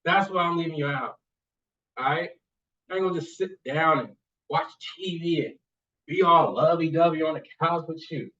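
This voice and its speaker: A man's voice: a little high, normal speed, pushed and bright. A man telling a casual, rambling story in street slang, often repeating his catchphrases and growing emphatic at times. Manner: rambling, repeats "you see what I'm saying". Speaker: vlogger and college student. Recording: distant, muffled lo-fi sound.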